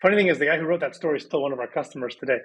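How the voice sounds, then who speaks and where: A man in his thirties, a podcast guest on a video call, telling his story in a lively, casual way and acting out past conversations. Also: a little high, rapid-fire, husky, poor audio.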